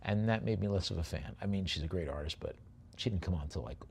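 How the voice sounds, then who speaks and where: An older man with a New York accent running a live auction, calling bids quickly and dropping joking asides between lots. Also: low-pitched, vocal fry, darkish tone, a little hiss or hum. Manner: chatty, joking asides between rapid bid calls.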